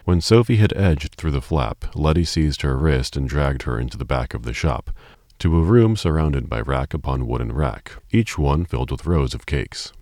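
Male audiobook narrator, extremely deep voice, calm and measured, dry booth sound. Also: no room sound.

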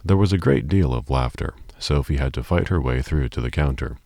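Male audiobook narrator, extremely deep voice, calm and measured, dry booth sound. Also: vocal fry, dry recording.

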